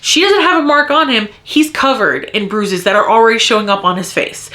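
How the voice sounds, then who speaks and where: Heated woman ranting, bright tense voice. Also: a little high, fairly quick, hardly any pauses. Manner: heated ranting, frequent swearing; repeats lines for emphasis. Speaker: book reviewer. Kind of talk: casual vlog book review.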